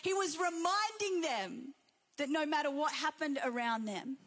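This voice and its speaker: A woman's voice: high-pitched, unhurried, a bit bright. A young woman with an Australian accent preaching a sermon as pastor, repeating key phrases for emphasis.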